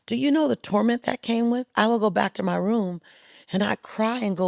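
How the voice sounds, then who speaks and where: A middle-aged woman with a gravelly edge to her voice tells a story as a podcast guest. She is animated and acts out the people she quotes, with a dry, close sound. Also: mid-range voice, normal speed, dry recording. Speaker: guest speaker.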